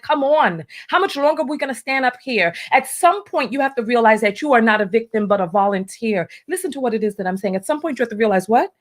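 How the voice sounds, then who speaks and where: A high-pitched middle-aged woman hosts her own show, sermonizing about the news in an emphatic, preachy monologue. She drives her points home with rhetorical questions, asks them again and again, and answers them herself. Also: a bit bright. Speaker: show host. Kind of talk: opinion commentary monologue.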